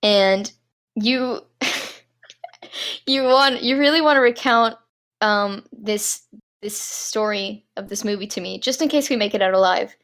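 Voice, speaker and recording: A woman co-hosting a relaxed movie review show in a playful, teasing manner. Her voice sits at an ordinary middle pitch, and she keeps the chat light and silly. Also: slow pace. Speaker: podcast co-host. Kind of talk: casual chat.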